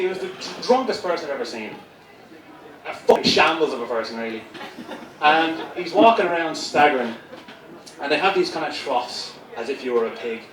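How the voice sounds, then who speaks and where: Guy doing standup, sweary and sarcastic, kinda higher voice, mic far off in an echoey room with the crowd laughing. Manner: profane, sardonic, rambling. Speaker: stand-up comedian. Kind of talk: live stand-up set. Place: comedy gig venue, indoors. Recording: roomy, distant mic, crowd noise. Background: audience laughter.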